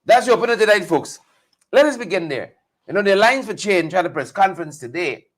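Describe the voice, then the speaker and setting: Guy hosting a live stream, high voice, chatty, calls out viewer names, says stuff over and over for emphasis. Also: animated, brisk. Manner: chatty, greets viewers by name, repeats phrases for emphasis. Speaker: host of a live political show. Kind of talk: casual live-stream commentary.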